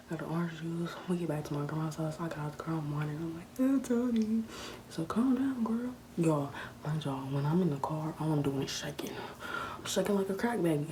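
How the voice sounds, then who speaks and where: Teen girl vlogger, deep voice, half-whispered storytime over noisy ambience. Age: late teens. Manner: hushed, half-whispered narration; casual, chatty, talks straight to viewers. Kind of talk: casual storytime monologue.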